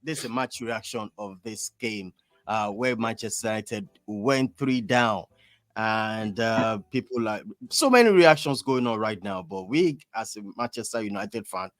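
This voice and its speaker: A man's voice: mid-range voice, dry recording, clean studio sound. A man with a Nigerian accent hosting a football fan reaction show, exasperated and talking in a sing-song way. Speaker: host.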